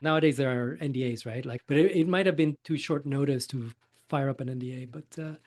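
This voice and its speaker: Measured man asking thoughtful questions. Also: mid-range voice, a little mellow. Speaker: podcast co-host. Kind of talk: casual conversation.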